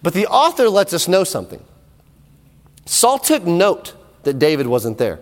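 A man preaching a sermon in animated storytelling style, often repeating words, in an echoey hall. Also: sits high, measured pace.

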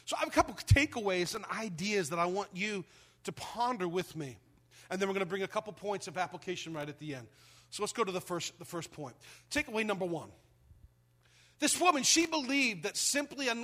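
Male pastor, high ringing voice, lively sermon storyteller. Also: normal speed. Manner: storytelling, animated, acts out quoted voices.

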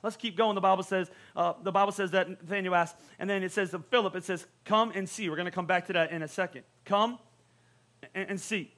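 Bright high-voiced joking male preacher. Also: steady tone. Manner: conversational, joking preacher with quick asides. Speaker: pastor. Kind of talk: sermon.

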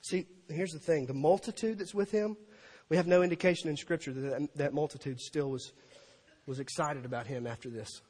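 A man preaching a sermon as pastor, animated and dramatic, acting out crowd voices and scripture quotes. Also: a little high, brisk. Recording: long reverb of a large hall.

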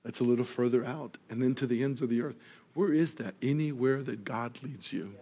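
A man preaching a sermon, telling a story and acting out each person in it, rising loud when excited and falling soft and quiet for earnest points. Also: medium pitch, a little fast, husky. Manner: animated storyteller, acts out dialogue, grows loud in excitement. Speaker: pastor.

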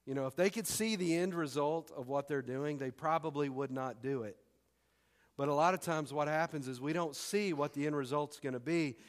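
A man's voice: a little high, normal speed. A man preaching a sermon as pastor in a church, conversational and punchy with emphatic repetition. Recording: long hall reverb.

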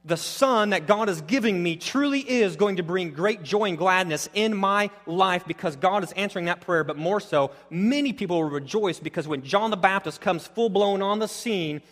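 Man preaching, slightly high voice, animated delivery, long hall reverb. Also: moderate pace. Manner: animated, swings between loud emphasis and quiet intensity. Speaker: pastor. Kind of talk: sermon.

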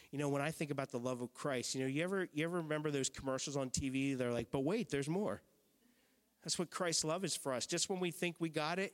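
A man preaching a sermon to his church, conversational and emphatic, sometimes dropping to a hushed intensity. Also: mid-range voice. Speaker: pastor. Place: church sanctuary. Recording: long hall reverb.

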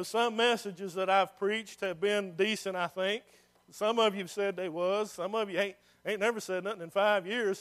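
High, bright-voiced preaching man. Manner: swings from hushed to loud and emphatic. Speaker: pastor. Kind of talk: sermon.

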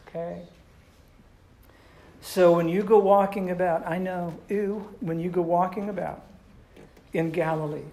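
A pastor preaches in an easy, conversational way and keeps asking the audience questions. The voice has a gravelly edge. The room sounds roomy, with a faint hum of noise behind it. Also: medium pitch, dark tone. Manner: chatty, asks the audience questions. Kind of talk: conversational sermon teaching.

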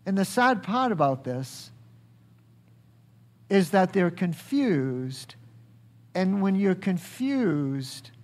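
Slow, high-voiced man preaching a sermon. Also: sing-song. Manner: preaching with rhetorical questions and acted quotes; slow and emphatic, swinging high for quotes and dropping low. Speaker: pastor.

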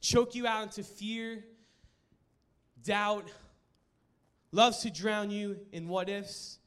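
Young male preacher, high-pitched, lively storyteller to a live crowd. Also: slow pace, smooth. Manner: animated, jokey storytelling to a live room. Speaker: youth pastor. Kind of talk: sermon with personal story. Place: live room with an audience.

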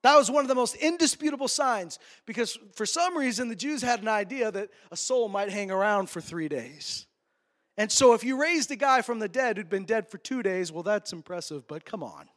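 High-voiced animated male preacher. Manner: animated, acts out voices for humor. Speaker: pastor. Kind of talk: sermon.

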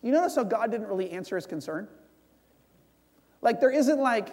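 A man's voice: sits high, expressive, moderate pace, pauses often, a little mellow, long reverb tail. A man preaching a sermon to a congregation, in a conversational style, leading prayer and acting out bits of dialogue.

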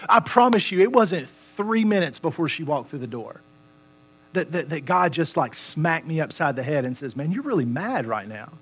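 A man's voice: fairly high pitch, lively intonation, normal speed, a bit bright, husky. A middle-aged man, preaching a sermon in a conversational, self-deprecating and joking way. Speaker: pastor.

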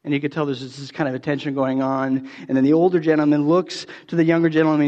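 A man preaching a sermon in a relaxed, conversational way, telling a story with many restarts and fillers. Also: fairly high pitch, fast, hardly any pauses. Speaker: pastor. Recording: dull sound with long hall reverb.

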